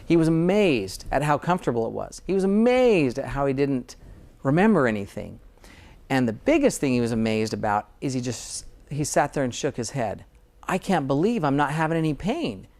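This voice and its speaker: A man's voice: medium pitch, big pitch swings, normal speed, darkish tone. A dentist in conversation, speaking earnestly and often repeating words as he starts a thought. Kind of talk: conversational interview.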